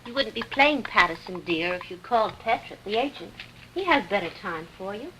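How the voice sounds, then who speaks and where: A woman's voice: medium pitch, animated, fairly quick, pushed and bright, a little hiss or hum, rough recording. An actress playing a stage assistant who speaks to her partner in a coaxing way in an early sound film.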